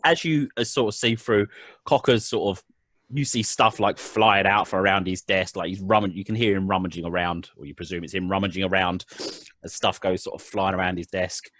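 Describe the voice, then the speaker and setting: A man's voice: low voice, fairly even intonation, a little fast, fairly bright tone, no echo. A man narrating as game master of a tabletop game, in a rambling way full of ums and restarts.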